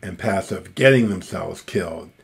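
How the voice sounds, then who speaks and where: A man giving a recorded lecture on Greek grammar, explaining slowly and deliberately with frequent pauses and fillers. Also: low-pitched, creaky. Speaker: classics lecturer.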